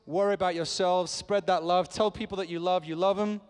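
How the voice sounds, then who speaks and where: A man's voice: high voice, steady tone, a little fast, a little mellow, smooth. A British man, an actor guest on a fan convention panel, talking to the crowd in a playful, rambling, cheeky way. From Britain. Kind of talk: joking panel talk to a crowd. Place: convention hall stage. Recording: echoey convention hall.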